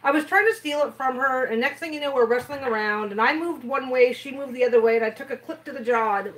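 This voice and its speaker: Woman, slightly high voice, teasing co-host, casual joking chat. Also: quick pace, a bit bright, rough recording. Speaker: co-host, spouse.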